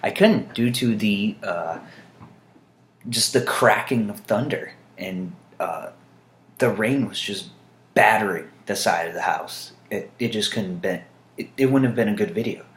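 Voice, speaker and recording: A man's voice: on the low side, a little slow. A man chatting casually to camera in a vlog, meandering and dry-humored, with frequent fillers. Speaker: vlogger. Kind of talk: casual rambling monologue to camera.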